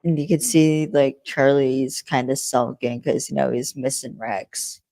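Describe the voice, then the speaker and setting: A woman's voice: extremely low pitch, steady tone, measured pace, warm tone, dry recording, poor audio. A young woman co-hosting a podcast, retelling a TV episode's plot in a rambling, chatty way with frequent fillers. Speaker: podcast co-host. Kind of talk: casual episode recap chat.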